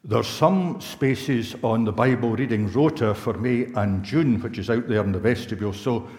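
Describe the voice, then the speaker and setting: Gravelly man reading church notices. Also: mid-range voice, moderate pace, a little mellow. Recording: echoey church hall.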